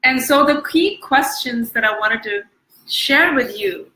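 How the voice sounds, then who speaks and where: A woman's voice: a little high, a little slow, bright, forceful tone, reverberant, rough recording. A woman coach giving an earnest motivational talk to viewers, repeating words for emphasis and using many fillers. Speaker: EFT coach.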